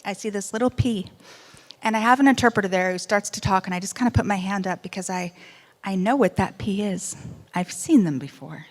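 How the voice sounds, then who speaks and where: A woman giving a personal testimony speech, wry at times, shifting between loud outbursts and hushed, quiet moments. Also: medium pitch, a little fast. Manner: wry humor amid serious story. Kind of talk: emotional first-person storytelling speech.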